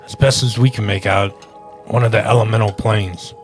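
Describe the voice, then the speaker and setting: A man playing a tabletop game, speaking in a measured, deliberate way. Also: lowish voice, fairly even intonation, over music. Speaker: player. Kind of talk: casual tabletop play.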